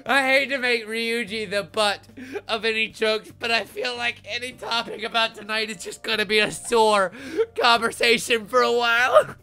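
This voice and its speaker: A man's voice: very high-pitched, fairly even intonation, moderate pace, bright, forceful tone, clear, resonant tone. A young man streaming a game live, swearing and laughing giddily as he reacts. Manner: profane, laughing, giddy.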